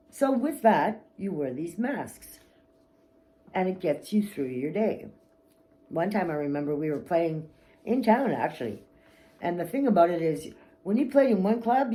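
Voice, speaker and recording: A middle-aged woman vlogging, telling candid personal stories bluntly and swearing freely, with animated outbursts. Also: fairly low pitch, low-quality recording.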